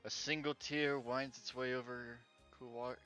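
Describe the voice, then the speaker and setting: A man's voice: medium pitch, steady tone, unhurried, pushed and bright, faint music behind. A male streamer reading game text aloud, breaking in with sarcastic, exasperated asides and swearing.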